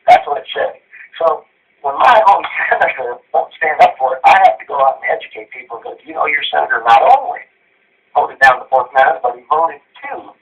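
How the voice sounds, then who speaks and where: A man's voice: on the high side, very animated, a little fast, creaky. A middle-aged man, a retired colonel running for the Senate, talking in a fired-up rush with frequent restarts in a political interview. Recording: muffled phone line, distant from mic.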